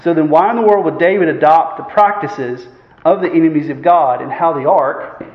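Man, pastor preaching a sermon, slightly high voice, boomy church hall, muffled sound. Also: normal speed. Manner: earnest, asks the congregation rhetorical questions; frequent fillers and throat clearing. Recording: echoey hall, dull sound.

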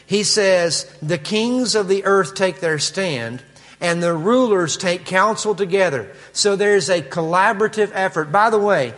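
A man's voice: high-pitched, a bit bright, long reverb tail. A man with a Kentucky accent preaching a conversational expository sermon, with asides and frequent fillers. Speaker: pastor.

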